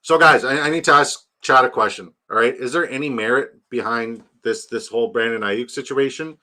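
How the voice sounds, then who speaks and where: A man's voice: medium pitch, fairly quick, pushed and bright. A young man chatting casually on a fantasy football stream, rambling and joking, swearing freely. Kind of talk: casual live-stream chat.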